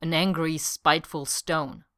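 A woman's voice: low voice, fairly even intonation, measured pace, a bit bright, dry recording, clean studio sound. A woman reading the part of an awkward young soldier who speaks hesitantly and uncomfortably, stumbling over his words. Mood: halting.

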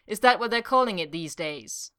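Storybook read-aloud: a woman voicing a snappish, jealous young office guy, bright and sharp. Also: mid-range voice, animated, moderate pace, clear, resonant tone, close to an everyday voice. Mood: indignant. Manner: exasperated, snappish. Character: indignant young man, office worker, jealous.

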